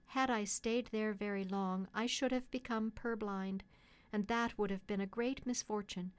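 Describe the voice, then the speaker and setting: A woman calmly narrating a classic storybook in the first person, in a measured way. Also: medium pitch. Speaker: audiobook reader.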